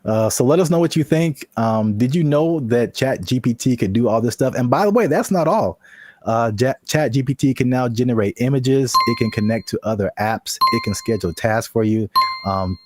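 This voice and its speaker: A man co-hosting a casual tech chat podcast, animated and joking, with sudden high shouted bits. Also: normal speed. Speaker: co-host.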